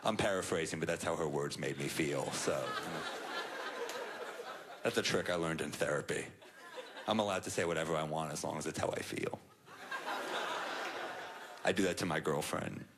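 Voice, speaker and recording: The speaker is a young stand-up comedian on a club stage, delivering dry, self-deprecating stories in a rumbling low voice. He keeps a moderate pace and pauses often, with background noise and crowd laughter captured in the live set.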